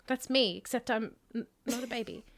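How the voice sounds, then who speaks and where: A woman co-hosting a podcast in casual chat, telling stories in an animated way and swearing freely. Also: a little high, a little fast. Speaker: podcast co-host.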